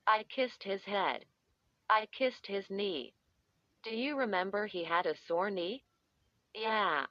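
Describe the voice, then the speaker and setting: A woman's voice: mid-range voice, animated, slow, pauses often, bright, forceful tone, no echo, dull audio. A woman voicing a menacing, teasing young woman who talks in a sly, taunting way. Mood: confiding.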